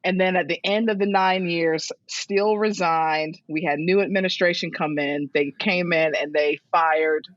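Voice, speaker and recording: A woman's voice: on the low side, moderate pace, hardly any pauses, no echo. A woman in her thirties, a strength coach telling stories in a casual interview, acting out other people's lines with laughter. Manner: lively, acts out others' words in a raised voice, laughs often. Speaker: strength and conditioning coach, guest. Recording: dull, dry lo-fi audio.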